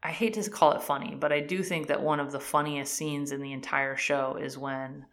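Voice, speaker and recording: A woman's voice: sits low, fairly even intonation, normal speed, creaky, fairly bright tone. A woman in casual chat, animatedly retelling a TV series' plot and acting out the characters' lines with many "like"s. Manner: frequent fillers "like" and "um".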